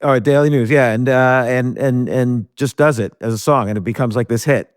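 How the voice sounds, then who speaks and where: This podcast host speaks at normal speed in a mid-range voice, captured with a dry, clean studio sound. During a casual interview he thinks aloud in long, rambling sentences, restarting often.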